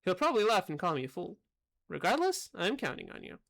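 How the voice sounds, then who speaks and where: A woman voicing a stately older male king, lowering her voice to sound like a man. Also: wildly swooping pitch, fast talker, creaky, heavily acted. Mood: regal. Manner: lowered voice, trying to sound manly.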